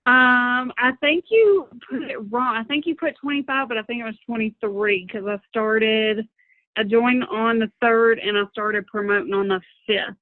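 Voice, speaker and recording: A woman on a video call, relaxed and thinking aloud as she works out numbers. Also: on the high side, moderate pace, no echo. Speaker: team member on the call. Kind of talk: casual chat on a video call. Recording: tinny, dry phone-like line.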